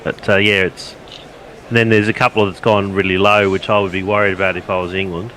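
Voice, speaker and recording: A male cricket co-commentator chatting casually, halting often and restarting his sentences. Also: sits low, level tone, bright, forceful tone, poor audio. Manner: halting, many fillers and restarts.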